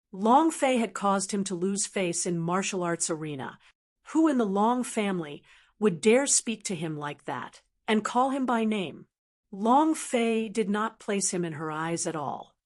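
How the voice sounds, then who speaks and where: Woman audiobook narrator, steady even delivery, mid-pitched. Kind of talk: scripted narration.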